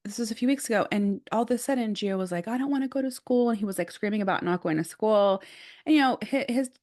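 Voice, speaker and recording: A woman co-hosting a podcast, telling a story in casual chat with lively, animated delivery and plenty of filler "like"s. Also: medium pitch, fast talker. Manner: animated, acts out quotes, says "like" often. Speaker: podcast co-host.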